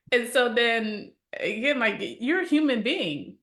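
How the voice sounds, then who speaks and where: A woman co-hosting a casual podcast discussion, teasing and quick, laughing often as she talks. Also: a little high, expressive, fairly bright tone. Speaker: co-host.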